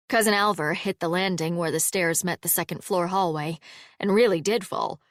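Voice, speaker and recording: A woman narrating a fantasy audiobook in an even, measured storytelling manner. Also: on the low side, dry recording, clean studio sound.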